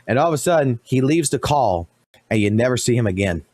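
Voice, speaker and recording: A man streaming live commentary, blunt and profane, talking fast and animated. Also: medium pitch, no echo.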